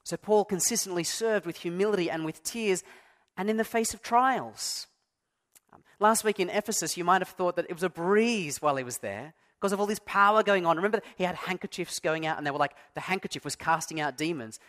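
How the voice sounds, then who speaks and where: Pastor guy giving a sermon, chatty, kinda self-deprecating, bit higher voice. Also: fast talker, fairly bright tone. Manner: conversational, self-deprecating, emphatic on key words. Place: church.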